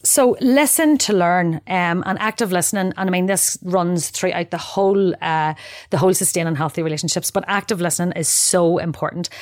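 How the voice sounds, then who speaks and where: A woman's voice: on the low side, little pitch movement, fairly quick, no echo, studio quality. A middle-aged woman co-hosting a chatty talk about parenting, explaining ideas and acting out what parents and children say. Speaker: podcast co-host discussing parenting. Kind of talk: casual explanatory chat.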